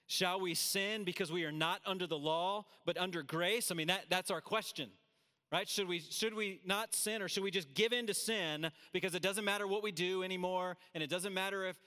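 Bright-voiced male pastor preaching in a hall. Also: high voice, clear, resonant tone. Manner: earnest, emphatic preaching with asides. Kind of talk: sermon. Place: large room with audience. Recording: hall reverb.

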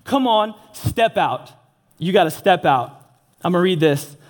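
A man's voice: sits high, animated, a little slow. A young man giving an earnest, casual sermon, mixing slang into his preaching. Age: young adult.

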